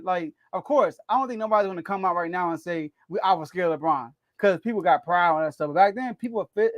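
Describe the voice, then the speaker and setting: A man with a notably high voice talks basketball on a podcast, animated and quick to laugh, stumbling over repeated words as he works out his point. His voice sits close and dry, with no room sound around it. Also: no echo. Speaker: sports podcast co-host. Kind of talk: casual sports debate.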